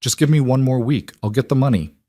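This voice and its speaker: A man's voice: medium pitch, fast, warm tone, no echo, studio quality, pitched above the performer's own voice, natural voice. A man voicing a weary, struggling single father who talks in a strained, held-together way. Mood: weary, pleading. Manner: strained, holding himself together.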